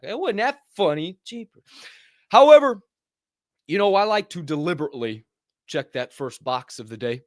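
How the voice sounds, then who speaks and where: A man's voice: fairly high pitch, sing-song, moderate pace, dry recording. Hyped man hosting a morning show. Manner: playful, hyped, sips coffee between lines; swings between hushed asides and loud bursts. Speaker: podcast host. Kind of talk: energetic morning show monologue.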